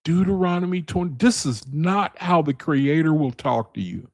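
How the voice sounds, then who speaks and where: A man's voice: on the high side, animated, normal speed. A man with speech leads a casual Bible study for his viewers. He talks in a loose, conversational way and keeps hammering the same point again and again. His voice sounds dry and close, with no room echo. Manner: conversational, repeats phrases, addresses viewers as brethren and man.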